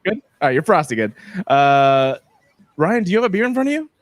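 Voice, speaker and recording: A man's voice: on the high side, sing-song, fast, dry recording. Male podcast host, loose joking chatter, dry close sound. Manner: joking, filler-heavy, teasing. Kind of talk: casual chat.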